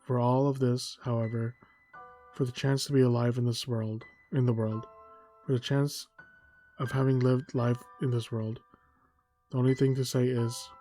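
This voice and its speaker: A man reading a game's story text aloud in a soft, unhurried way, sometimes stumbling and correcting himself. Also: mid-range voice, little pitch movement. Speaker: gameplay narrator. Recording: faint music behind.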